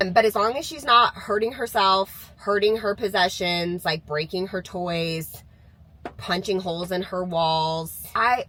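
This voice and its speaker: A woman's voice: mid-range voice, a bit bright, poor audio. Chatty mom in her thirties. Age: 30s. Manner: chatty, candid, laughs while talking. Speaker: mom sharing parenting views. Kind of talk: casual talking-to-camera vlog.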